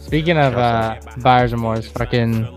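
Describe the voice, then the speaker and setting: A man's voice: medium pitch, fairly even intonation, measured pace, over loud music. A young man co-hosting a casual chat podcast, swearing freely and laughing through his jokes. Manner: laughing, profane, acts out silly voices. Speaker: podcast co-host.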